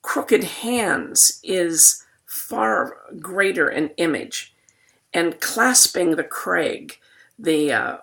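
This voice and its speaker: Slow, low-voiced woman teacher, voice going. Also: gravelly, a bit bright. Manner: slow, deliberate poetry reading with pauses. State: losing her voice, clearing her throat. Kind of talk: recorded classroom lecture.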